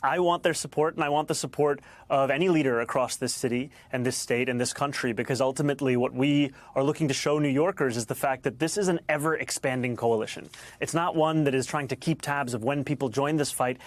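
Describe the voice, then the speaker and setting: Fast-talking polished political candidate. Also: male voice, mid-range voice, dry recording. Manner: measured, polished, on-message. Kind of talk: campaign speech.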